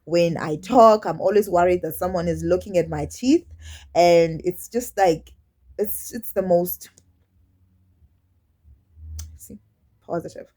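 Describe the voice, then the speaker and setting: A woman vlogger talking openly to her camera, candid and halting, often restarting her sentences and acting out quoted remarks. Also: lowish voice, warm tone. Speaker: YouTube vlogger. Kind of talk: personal confessional vlog.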